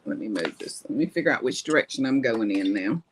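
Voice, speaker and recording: A woman's voice: rumbling low, very animated, brisk, slight background noise. A woman co-selling on a live vintage sale, chatty and homey, drifting into personal asides. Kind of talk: casual live-stream sales chat.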